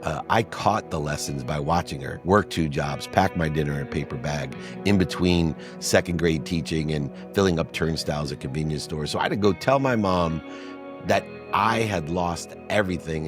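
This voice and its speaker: A middle-aged man, an entrepreneur and speaker, telling an earnest personal story as a podcast guest. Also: low voice. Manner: earnest, re-enacts dialogue in raised voices. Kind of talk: emotional storytelling.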